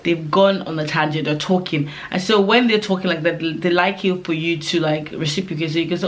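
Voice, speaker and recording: A woman's voice: on the low side, a little fast, few pauses. A young woman vlogger giving casual advice to camera, chatty and rambling, with many filler words.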